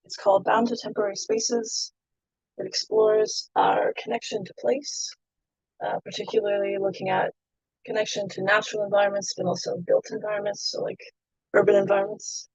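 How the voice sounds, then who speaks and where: A woman reading her poetry at an online open mic, slow and soft, out of breath, then chatting with fillers. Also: mid-range voice, animated, vocal fry, no echo, lo-fi sound. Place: home, online video call.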